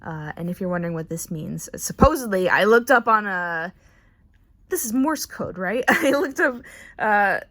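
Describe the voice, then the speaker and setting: A woman's voice: on the low side, vocal fry, fairly bright tone, no echo. Rambling young woman, dry close mic. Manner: rambling, unsure, many fillers and restarts. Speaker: artist showing her sketchbook. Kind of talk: casual chat.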